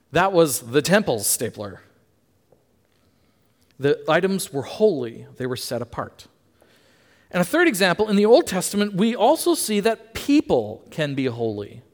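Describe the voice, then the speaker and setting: Lively emphatic man preaching a sermon. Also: high-pitched. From Canada. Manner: lively, emphatic, asks the congregation questions. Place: church hall. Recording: reverberant church hall.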